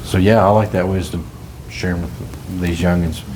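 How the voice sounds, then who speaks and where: Deep-voiced man hosting a faith talk. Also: fairly even intonation, normal speed, noisy background. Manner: earnest, encouraging, laughs easily. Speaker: ministry podcast host. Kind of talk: casual faith conversation.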